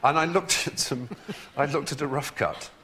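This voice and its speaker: An Englishman who is a talk show guest, telling anecdotes in an articulate, wry way with animated asides. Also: a little high, normal speed, slight background noise. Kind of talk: anecdotal storytelling.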